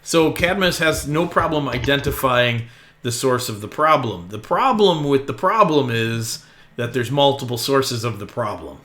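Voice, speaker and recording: A relaxed man running a tabletop game. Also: medium pitch, moderate pace. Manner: loose, chatty narration with frequent ums and self-corrections. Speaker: game master.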